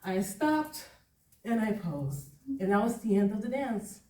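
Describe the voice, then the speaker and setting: A woman telling a spooky story on stage, her pitch swinging widely as she laughs her way through it. She is heard from a distance in an echoey room, with a faint hiss underneath. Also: unhurried. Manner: lively, laughing often, conversational. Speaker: performance poet. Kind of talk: live spoken-word storytelling. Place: stage at a live venue. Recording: echoey live room, far from mic.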